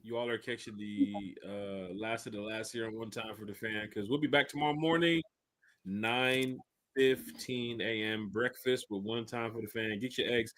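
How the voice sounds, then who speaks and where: A man hosting a casual sports podcast, energetic and slangy, often repeating himself. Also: on the low side, moderate pace, no echo. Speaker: podcast host.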